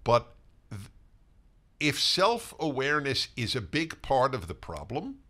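An older man co-hosting a talk show, telling stories in an animated way with frequent restarts and repeated words. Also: mid-range voice, a little slow. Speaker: co-host. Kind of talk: casual conversational talk show.

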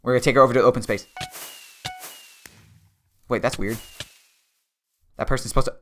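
A man's voice: medium pitch, steady tone, a little fast, a bit bright, a little hiss or hum. Joking young man narrating his game.

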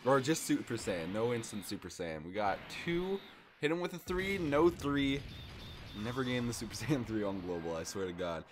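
A young man commenting on his mobile game summons, hyped and shouting when rare cards drop, a little out of breath. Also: medium pitch, big pitch swings, normal speed, background noise. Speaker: gaming YouTuber. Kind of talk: excited gacha summon commentary.

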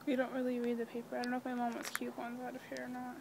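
A teenage girl chatting casually in a rambling, giggly daily vlog, talking softly while walking outdoors in a quiet neighborhood. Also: fairly high pitch, monotone, very fast, creaky, noisy background. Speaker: vlogger.

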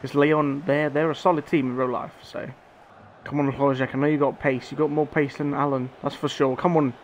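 A young man doing live commentary on a football video game, urging on his players and shouting when they score or miss. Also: mid-range voice, fairly quick, slight background noise. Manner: excitable, shouts at players, swears. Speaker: gaming streamer.

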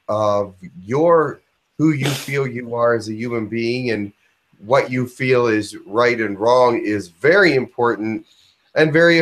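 A man adding a measured, reflective remark to the conversation as co-host. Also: medium pitch.

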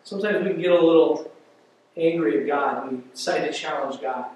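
Animated high-voiced pastor in an echoey church. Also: male voice, a little fast, a little hiss or hum. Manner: animated, acts out quotes, conversational asides. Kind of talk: sermon. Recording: echoey church hall from far off.

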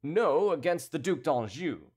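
A man voicing a sly, composed townsman who speaks politely and in a measured, teasing way. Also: fairly high pitch, big pitch swings, darkish tone, breathy edge, voice pushed up, full character voice.

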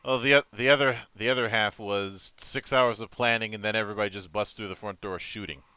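Bright-voiced man hosting with jovial flair. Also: lowish voice, steady tone, fairly quick, clean tone, no echo. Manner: jovial, theatrical sign-off, laughs often. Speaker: host. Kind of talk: casual interview chat.

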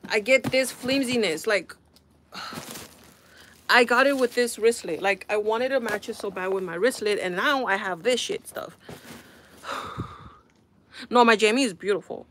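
A young woman hosting a casual live stream, talking to her viewers in an exasperated, animated way. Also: medium pitch, a little slow, long pauses, slight background noise.

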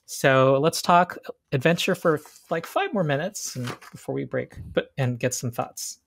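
A man at mid pitch acts as game master for a tabletop game. He explains rules in an easygoing way and slows down to read out scene descriptions. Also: vocal fry, fairly bright tone.

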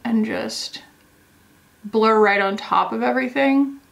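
A woman's voice: on the high side, slow, creaky. A woman in a casual makeup tutorial, talking in a rambling, chatty way full of "like" while she applies makeup. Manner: chatty, rambling, many "like" fillers; explains while applying makeup. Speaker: beauty vlogger.

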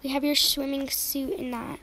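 A woman's voice: high-pitched, level tone, normal speed, pushed and bright, slight background noise. A woman voicing a fussy, newly divorced mother in a toy role-play, chatty and sighing.

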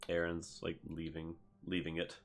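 A man playing a tabletop game, talking in a hesitant, halting way with many fillers. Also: deep voice, completely flat delivery. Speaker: player. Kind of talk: casual tabletop role-play.

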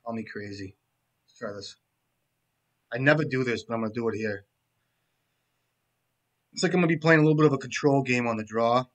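A man with a middling voice talks his way through a card game, swearing freely and kidding around. He often drops into quiet mumbles as he thinks through a move, then picks back up in a casual, joking tone. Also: a little fast, long pauses. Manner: profane, joking, trailing off into low mumbles. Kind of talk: casual commentary while playing.

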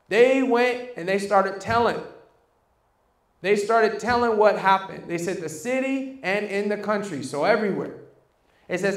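High-voiced preacher in an echoey room. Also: male voice. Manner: preaching with call-and-response questions to the congregation. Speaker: pastor. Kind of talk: sermon.

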